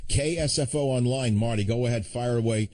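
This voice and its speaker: Man, talk radio host, call-in show, sardonic, combative, mid pitch. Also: brisk, warm tone.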